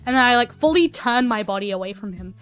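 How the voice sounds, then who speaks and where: A woman's voice: on the high side, lively intonation, quick pace, a bit bright, clean tone, faint music behind. A woman streamer telling a story casually while she draws, rambling with lots of fillers and swearing.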